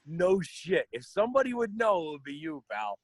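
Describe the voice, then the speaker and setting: A man with a slightly high voice runs a loose, casual podcast chat. He tells rambling stories packed with swearing. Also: sing-song, normal speed, breathy edge, dry recording. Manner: profane, rambling storyteller. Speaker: podcast co-host.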